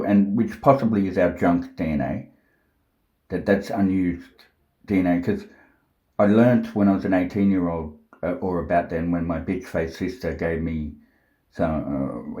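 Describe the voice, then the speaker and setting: A man talking slowly to camera at home, thinking aloud with many fillers and restarts, blunt and sometimes profane. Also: sits low, dark tone, echoey room, highs cut off. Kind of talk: unscripted monologue to camera.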